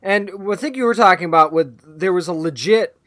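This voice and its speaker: A man co-hosting a podcast, chatting casually and enthusiastically about a movie he liked. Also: high voice. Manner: enthusiastic, animated, quick restarts. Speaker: podcast co-host. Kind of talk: casual movie review chat.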